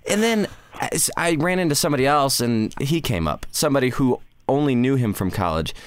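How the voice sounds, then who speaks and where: Male podcast host, animated intonation, jokey storyteller. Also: medium pitch, fairly quick, smooth, no echo. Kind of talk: casual interview chat.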